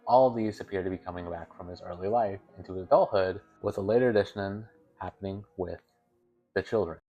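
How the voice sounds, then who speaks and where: A man's voice: low-pitched, brisk, warm tone, faint music behind. A young man hosting a video, telling a story in a casual, rambling way with stammers and self-corrections. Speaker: video host.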